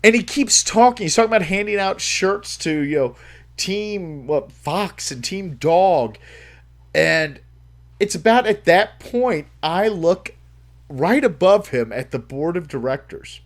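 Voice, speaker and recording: A man's voice: sits high, animated, unhurried. A man hosting a livestream, telling a story in a casual, profane way, swearing freely and laughing as he goes. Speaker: livestream host.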